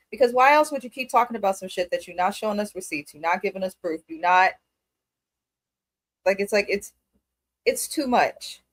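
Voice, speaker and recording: A woman co-hosting a casual reality TV recap, giving her opinions in an emphatic, blunt way. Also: mid-range voice. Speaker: co-host.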